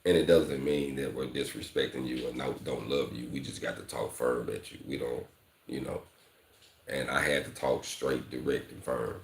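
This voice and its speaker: Male welding coach, very deep voice, speech, loose slangy vlog chat, echoey room. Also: fairly even intonation, normal speed, creaky, a little hiss or hum. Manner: candid, repeats "fam" and "you know", slangy. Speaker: welding instructor. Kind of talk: casual vlog talk to viewers.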